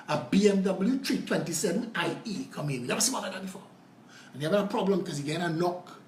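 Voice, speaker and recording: A man's voice: sits high, echoey room. A man with a Trinidadian accent hosting a live political show, ranting in a combative, profane and mocking way, telling stories to make his point.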